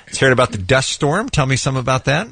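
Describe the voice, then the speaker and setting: A male radio host chatting casually in a studio, teasing his co-host and quick to laugh. His voice is a touch husky and moves up and down freely. The sound is close and dry. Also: mid-range voice, expressive, a bit bright, no room sound.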